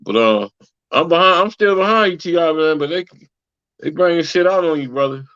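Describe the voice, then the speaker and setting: A man runs through the news in loose, profane talk, tagging his lines with "man." His voice is a little high, and the podcast audio is dry and slightly dull. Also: expressive, brisk, fairly bright tone, no echo. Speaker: podcast co-host. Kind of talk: casual chat.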